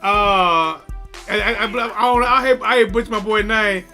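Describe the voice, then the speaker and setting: Excitable high-voiced male live streamer. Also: normal speed, soft background music. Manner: excitable, talks straight to his viewers, many fillers and restarts. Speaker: live stream fight commentator. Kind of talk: casual live stream commentary.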